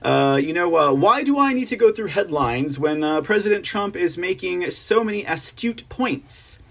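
A man's voice: high voice, lively intonation, normal speed, vocal fry. A man hosting a political livestream news show, chatting casually, laughing often and reading viewer comments aloud.

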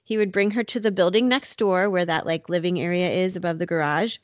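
Woman, low-pitched podcast host; casual true crime narration, filler-heavy, dry close mic. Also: fairly even intonation, fairly quick, no echo, lo-fi sound. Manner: conversational, many "like" and "you know" fillers. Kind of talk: casual storytelling chat. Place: North Carolina.

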